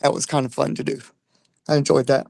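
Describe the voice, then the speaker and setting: A man with a gravelly, creaky voice speaks in a casual chat, hesitating with fillers as he recalls a prank. The sound is dry and close. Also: medium pitch, little pitch movement, fast talker, darkish tone, no echo.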